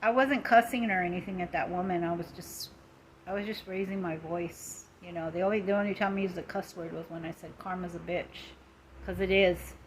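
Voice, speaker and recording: A woman's voice: lowish voice, steady tone, brisk, slight background noise, rough recording. A middle-aged woman on a casual live stream, retelling an upsetting story in an indignant, emphatic way, with lots of repetition.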